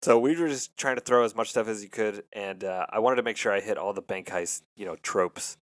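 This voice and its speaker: A man, a film editor and director, telling stories in a relaxed interview with frequent ums. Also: fairly low pitch, brisk, no echo, studio quality. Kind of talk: casual interview talk.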